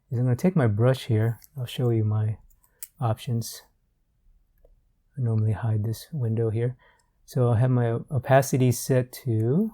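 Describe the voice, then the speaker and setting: A man giving a relaxed art tutorial while he works, thinking aloud with fillers and repeated words. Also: medium pitch. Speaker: art instructor.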